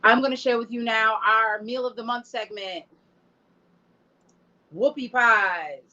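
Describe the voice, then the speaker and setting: A woman's voice: fairly high pitch, measured pace, sharp tone. A woman hosting a casual online show, talking straight to the audience and openly moved. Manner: emotional, talks to the audience directly. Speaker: host. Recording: dull lo-fi stream audio.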